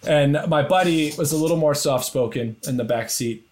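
A young man telling a wild story in casual chat, excitable and profane, with lots of restarts. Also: fairly high pitch, fairly quick. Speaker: storyteller guest.

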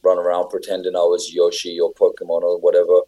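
A man's voice: low-pitched, completely flat delivery, fast talker, dark tone, low-quality recording. A young English man chatting casually, telling stories with lots of fillers and restarts. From England. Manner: rambling, filler-heavy storytelling. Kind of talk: casual chat.

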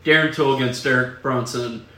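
A man's voice: medium pitch, fairly even intonation, normal speed, sharp tone, slight background noise. A man co-hosting a casual podcast, explaining things steadily to listeners. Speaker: podcast co-host. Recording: echoey room.

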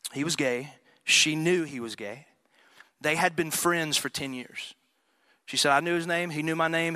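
Middle-aged male pastor, sermon delivery, forceful bright tone, dry close mic. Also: on the high side, no room sound. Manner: storytelling, building to impassioned emphasis. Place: church.

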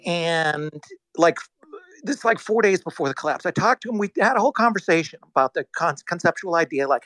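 A man in casual talk as a guest, telling a story in a rambling, animated way, full of restarts and acted-out quotes. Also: fairly high pitch, fairly quick, no room sound, poor audio. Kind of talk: casual storytelling on a live audio chat.

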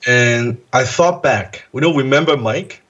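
A man, a guest in an interview, tells a story from his past in a casual, animated way, acting out the voices he quotes and swearing now and then. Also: mid-range voice, measured pace, highs cut off. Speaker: guest entrepreneur.

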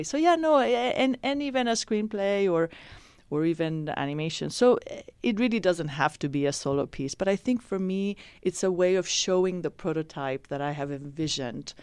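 A woman's voice: low voice, darkish tone, smooth, dry recording. A woman actress answering interview questions in a reflective, thoughtful way, often restarting her sentences.

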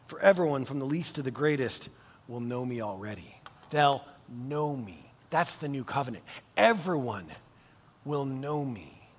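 A man preaching a sermon as pastor, animated and conversational, with casual asides to the congregation. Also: mid-range voice, unhurried, long reverb tail.

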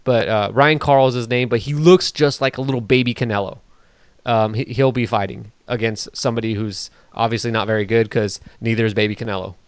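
Man, podcast host, relaxed joking chat, crisp voice, dry sound. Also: medium pitch, brisk, no room sound. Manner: joking, teasing.

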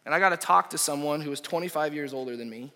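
Impassioned young pastor preaching in a hall. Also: male voice, fairly high pitch, fast talker, bright, forceful tone. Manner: impassioned, rising and falling, dropping to near whisper. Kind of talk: sermon. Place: church auditorium. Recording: echoey hall reverb.

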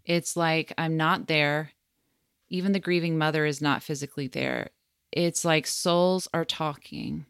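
A woman co-hosting a podcast, reading a written passage aloud in a soft, measured way while holding back tears. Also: deep voice, steady tone, clean tone, no room sound, clean studio sound. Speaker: podcast co-host.

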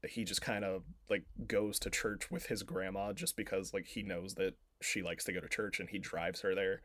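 A man's voice: low-pitched, fairly even intonation, normal speed, a bit bright. A man co-hosting a podcast, casually retelling a film plot in a rambling way, full of filler words and swearing. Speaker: podcast co-host.

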